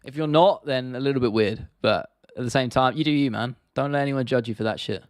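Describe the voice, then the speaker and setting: A man's voice: mid-range voice, a little fast, smooth, no room sound, clean studio sound. Laid-back young man. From United Kingdom. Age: 20s. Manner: laid-back, sweary, laughs often. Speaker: livestream host. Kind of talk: casual livestream Q&A.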